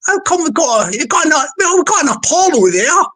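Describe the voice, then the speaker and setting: A woman's voice: high voice, sing-song, a little fast, fairly bright tone, rough recording. A woman hosting a livestream, talking in a rambling, playful, sing-song way that often repeats itself. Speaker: livestream host. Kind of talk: rambling casual livestream monologue.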